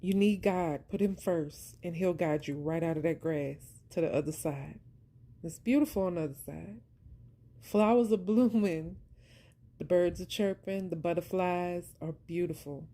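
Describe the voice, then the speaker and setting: A woman's voice: on the low side, moderate pace, dark tone. A woman, talking passionately about faith and surviving abuse. She speaks like a preacher and repeats points for emphasis. Her voice is wearing thin and she is close to tears. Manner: addresses listeners as "y'all". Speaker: vlogger sharing her story. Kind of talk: heartfelt faith-based monologue.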